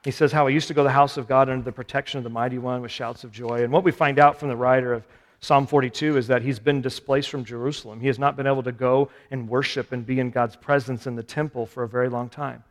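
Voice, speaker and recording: A male preacher speaks quickly in a mid-range voice with fairly even intonation. Self-deprecating and conversational, he asks his listeners rhetorical questions while the long reverb of a large hall trails behind his words.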